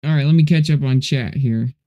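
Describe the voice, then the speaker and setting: Male streamer, relaxed and rambling, mellow low-key voice, chats to his viewers while he works. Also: fairly quick. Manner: rambling, laid-back, says dude and you know a lot. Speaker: livestream host. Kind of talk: casual livestream chat while coding.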